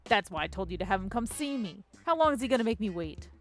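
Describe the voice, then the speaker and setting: A woman voicing a gruff, overprotective middle-aged father who speaks in a firm, flat tone. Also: medium pitch, fast, faint music behind, lightly acted. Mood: grumbling.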